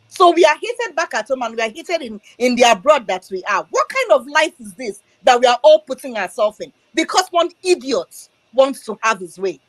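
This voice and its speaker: Casting: woman from Nigeria, high voice, dry close sound, passionate political plea. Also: sing-song, no room sound, low-quality recording. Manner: emphatic, slow, emotional. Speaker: speaker in an online audio room. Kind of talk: impassioned political speech. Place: abroad, diaspora.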